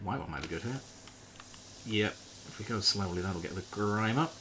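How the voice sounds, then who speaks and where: A man's voice: lowish voice, lively intonation, normal speed, background noise. A man streaming live, chatting casually with viewers while he plays a game, joking and swearing freely. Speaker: variety streamer.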